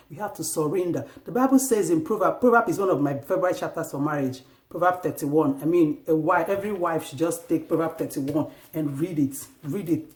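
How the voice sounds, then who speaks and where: A woman giving earnest, faith-based marriage advice to wives, exhorting them and acting out little home scenes. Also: sits low. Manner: earnest and exhortative, acts out scenes with sharp raised outbursts. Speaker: Christian marriage advice vlogger. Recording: echoey room.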